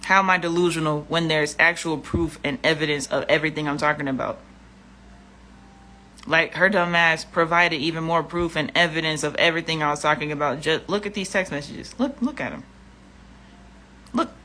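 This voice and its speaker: A woman's voice: deep voice, normal speed, sharp tone. A woman vlogging in a casual, profane rant, blunt and exasperated, often repeating herself.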